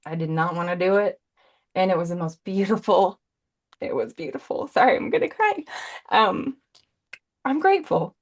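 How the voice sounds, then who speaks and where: A woman in her forties chatting through a live painting demo on a video call. She talks chattily and rambles, tossing in punny asides. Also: on the low side. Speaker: brand ambassador demonstrating paints.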